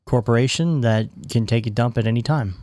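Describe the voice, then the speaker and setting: A man's voice: mid-range voice, brisk, darkish tone, no room sound. A man co-hosting a podcast, chatting casually and joking with frequent restarts. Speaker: podcast co-host. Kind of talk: casual chat.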